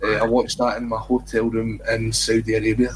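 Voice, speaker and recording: A man's voice: on the low side, monotone, fairly quick, noisy background. A Scottish man hosting a football podcast, chatting casually with friendly, self-mocking banter. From Scotland. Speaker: podcast host.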